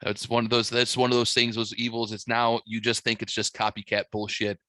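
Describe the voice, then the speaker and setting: A man hosting a podcast, telling a story in casual chat, profane and animated, getting louder as he laughs. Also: on the low side, fairly quick, dry recording. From St. Louis, USA. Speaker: podcast host.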